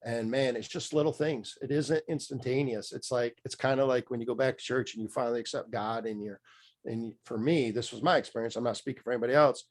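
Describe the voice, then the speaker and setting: A man's voice: mid-range voice, fairly even intonation, quick pace. Candid rambling middle-aged man. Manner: candid, rambling with many fillers and restarts. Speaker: podcast guest, mindset coach. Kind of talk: casual storytelling interview.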